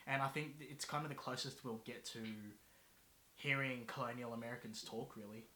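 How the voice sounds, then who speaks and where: Brief: halting man guest in a movie chat, bright voice, echoey room. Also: medium pitch, steady tone, slight background noise. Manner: hesitant, many ums, restarts sentences. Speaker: guest reviewer. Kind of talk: casual movie review chat.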